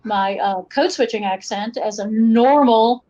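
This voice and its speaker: A woman's voice: fairly high pitch, a little slow. A middle-aged woman from western North Carolina with an Appalachian Southern accent, telling stories as a guest in a casual interview. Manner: lively storytelling, shifts accent to match listeners. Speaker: guest folklorist. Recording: muffled lo-fi audio.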